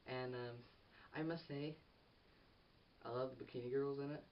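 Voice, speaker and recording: A teenage boy gives a casual film review, rambling excitedly, restarting sentences and losing his thread. His mid-range voice moves at normal speed, but he's far from the mic. The audio is dull and lo-fi, with a faint hiss beneath it.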